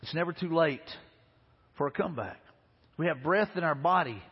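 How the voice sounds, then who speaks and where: A man preaches in a husky, somewhat high voice, earnest and conversational, often repeating his key lines. His sermon is recorded in a large hall with long reverb. The sound is muffled and lo-fi. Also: lively intonation, moderate pace. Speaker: pastor. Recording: dull, echoey hall recording.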